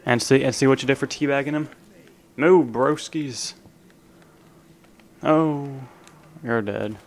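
A man's voice: medium pitch, moderate pace. Joking young man narrating live gameplay. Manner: casual, joking banter at other players. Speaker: gaming channel host. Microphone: desk microphone, leaning in to be heard.

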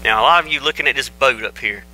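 A man's voice: medium pitch, quick pace, pushed and bright, slight background noise, rough recording. A man preaching a casual, folksy sermon in a church on a microphone, joking and telling stories conversationally. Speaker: pastor. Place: church sanctuary.

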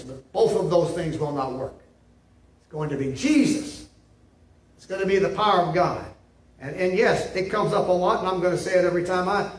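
A male pastor preaching a sermon in an emphatic, repetitive way, often checking in with "see?". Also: high voice. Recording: echoey room, mic at a distance.

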